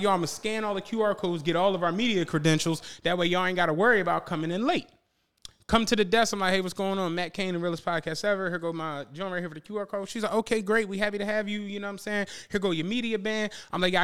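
A man co-hosting a podcast who tells a long story in casual chat, profane and animated, laughing often and acting out what people said. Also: sits high, fast, clean tone. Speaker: podcast co-host.

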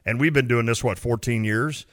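A man's voice: mid-range voice, normal speed, long reverb tail. A man co-hosting a sports radio show, chatting casually and playfully. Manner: animated, playful, mimics people in quotes.

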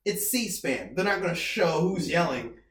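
A woman's voice: on the low side, animated, a little slow. A woman co-hosting a podcast in casual chat, profane and laughing, mocking people in put-on voices. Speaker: podcast co-host. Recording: echoey room.

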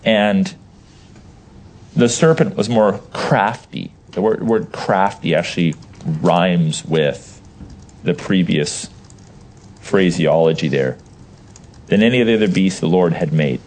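A man's voice: low voice, takes it slowly, long pauses, slight background noise. A man teaching a Bible class, explaining verses with emphasis and putting questions to his listeners. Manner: animated, emphatic, asks the audience questions.

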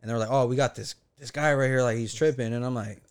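A man telling a story in casual podcast chat, animated, acting out what others said and swearing often. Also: medium pitch, fast, smooth. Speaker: podcast co-host.

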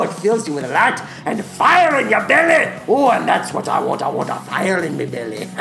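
A woman's voice: deep voice, gravelly, pitched below the performer's own voice. A woman putting on a lewd, rambling Shrek. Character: crude horny green ogre, male, large, Scottish-ish brogue.

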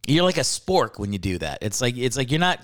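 A man's voice: mid-range voice, very animated, a little fast, a bit bright. A married man hosting a comedy podcast, ranting with joking asides and casual swearing. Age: adult, married. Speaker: podcast host.

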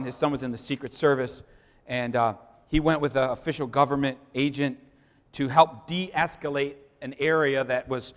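A man preaching a sermon, moving from quiet storytelling to loud, impassioned declarations. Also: mid-range voice, long reverb tail. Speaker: pastor.

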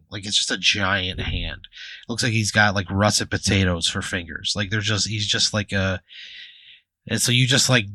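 Bright-voiced man running a tabletop game. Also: on the low side, dry recording. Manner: casual, full of "like" and "you know". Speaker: game master. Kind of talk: narrating an improvised tabletop game.

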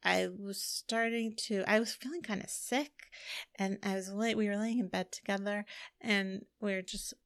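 A middle-aged woman talks through a long personal story in loose, rambling chat, her voice carrying a gravelly fry. The sound is dry and close, with no room around it. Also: mid-range voice, steady tone, normal speed, a bit bright, dry recording. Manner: chatty, rambling with frequent "like" and laughs. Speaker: podcast co-host. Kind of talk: casual chat.

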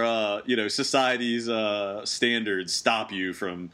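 A man hosting a casual sports podcast, animated and sarcastic, throwing in quick asides and questions to his co-hosts. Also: on the low side. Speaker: podcast host.

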